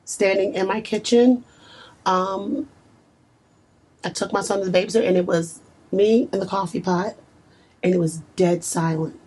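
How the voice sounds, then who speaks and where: A woman's voice: medium pitch, fairly even intonation, moderate pace, long pauses, a little mellow, slightly rough, low-quality recording. A woman guest in a casual interview, telling her story earnestly and with feeling. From United States.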